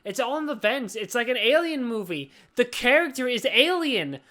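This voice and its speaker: A man's voice: very high voice, sing-song, normal speed. Drunk rambling man on a podcast. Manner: rambling, loud, profane. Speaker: podcast co-host. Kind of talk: casual chat. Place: at home, on the floor.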